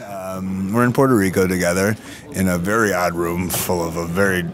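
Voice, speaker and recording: A man hosting a podcast, telling stories in an animated, casual way, swearing and acting out quotes, and interviewing guests. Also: low voice, normal speed. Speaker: podcast host. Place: podcast recording and travel audio.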